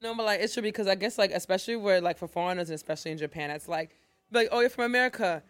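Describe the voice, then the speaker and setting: A woman's voice: on the low side, fairly even intonation, very fast, no echo. A young woman co-hosting a podcast, joking around in playful, slangy casual chat. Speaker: podcast co-host.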